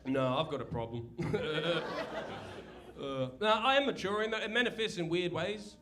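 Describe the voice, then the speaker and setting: High-voiced New Zealand comedian, live club. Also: male voice, lively intonation, moderate pace, background noise. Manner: crude, rambling and self-deprecating with lots of filler. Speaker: stand-up comedian. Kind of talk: stand-up comedy set. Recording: live club recording with audience laughter. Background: audience laughter.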